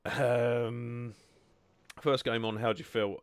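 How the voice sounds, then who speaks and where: A man's voice: deep voice, lively intonation, normal speed, fairly bright tone, dry recording. A young man hosting a gaming video, chatting casually and self-deprecatingly with lots of ums. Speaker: gaming channel host. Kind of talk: casual gameplay chat.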